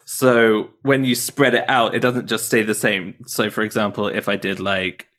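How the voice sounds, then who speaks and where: A man's voice: lowish voice, little pitch movement, normal speed, fairly bright tone. A man working as an accent coach, patiently explaining sounds step by step in casual talk. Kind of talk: casual teaching chat.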